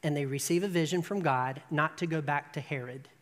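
An animated preacher tells a story, building to emphatic peaks and checking in with the listeners. The voice sits at a middling pitch and carries a long, echoing hall reverb. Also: brisk. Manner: asks the audience "right?". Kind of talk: sermon storytelling.

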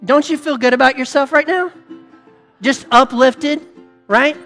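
Woman, preacher, casual sermon, chatty and animated, faint ukulele behind. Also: sits high, a little slow, faint music behind. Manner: chatty, animated, asks the audience questions.

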